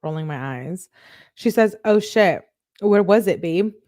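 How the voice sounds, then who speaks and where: A woman reading text messages aloud as a true crime YouTuber, quickly, with sarcastic asides. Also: lowish voice, expressive, a little mellow, dry recording, studio quality. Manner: quick, sarcastic asides between read-out texts.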